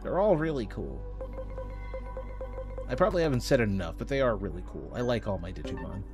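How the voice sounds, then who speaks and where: A man giving casual gameplay commentary as a streamer, animated and chatty. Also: medium pitch, a little fast, over music. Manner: animated, puts on goofy voices when reading dialogue.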